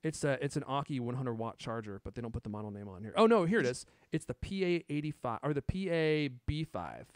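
A man hosting a casual tech podcast, excitedly showing off gadgets and chatting. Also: mid-range voice, brisk, few pauses, no room sound, clean studio sound. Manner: excited, shows gadgets on camera. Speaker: podcast host.

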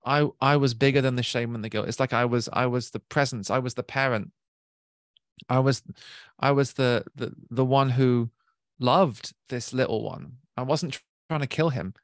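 A man giving a reflective spiritual talk, speaking slowly and gently, searching for words and often restarting. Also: medium pitch, no echo, clean studio sound. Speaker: spiritual teacher.

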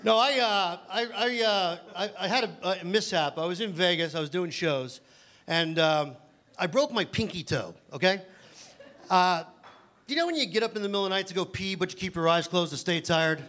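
A man's voice: sits high, moderate pace, fairly bright tone. A man doing a stand-up set on a comedy club stage, telling rambling, self-mocking stories that he keeps stumbling through.

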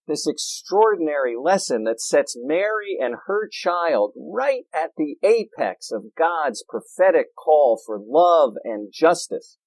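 A man preaching a sermon in a church, animated and playful, with jokes and asides. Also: a little high, dry recording, rough recording. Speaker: pastor.

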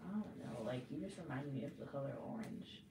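A woman's voice: extremely low pitch, animated, fast, roomy sound, noisy background. A woman sitting in as a client, chatting casually, giggly and full of questions. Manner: giggly, asks about pronunciation. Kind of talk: casual chat.

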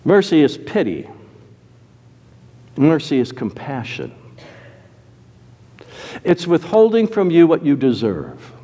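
A male preacher delivers his sermon with an animated, swooping voice that sits a little high, jumping from loud exclamations to low asides. The sound carries the long reverb of a church hall. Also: slow, pauses often.

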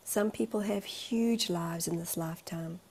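A woman's voice: lowish voice, unhurried, gravelly, a little mellow, slightly rough. A woman in a candid vlog monologue, speaking as a life coach in an earnest, emotional, rambling way.

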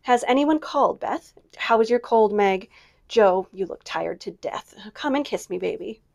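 Warm middle-aged mother, a woman reader doing her, cheery and fond. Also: mid-range voice, animated, moderate pace, gravelly. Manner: cheery, affectionate.

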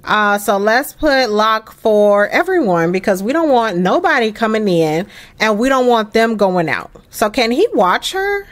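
A young woman hosting a life-sim let's play, giving casual, chatty and emphatic gameplay commentary with excited bursts. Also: a little high, a little slow, hardly any pauses.

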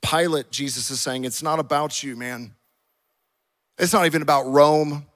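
A man's voice: on the high side, normal speed, a bit bright. A male pastor delivering an impassioned sermon and acting out scripture dialogue. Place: church auditorium.

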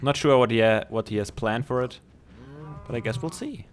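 A man hosts a casual gaming session and shows his friends around, laughing often as he talks. His voice sits at an everyday middle pitch and keeps a friendly, chatty tone. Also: moderate pace. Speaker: host.

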